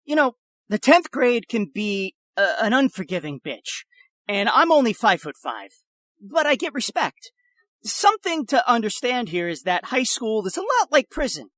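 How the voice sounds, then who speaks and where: A man's voice: very high-pitched, sing-song, normal speed, pushed and bright, no echo, exaggerated voice. A man voicing a short, brash teenage boy who talks tough and crude, in an improvised comedy bit. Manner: cocky, insistent, crude.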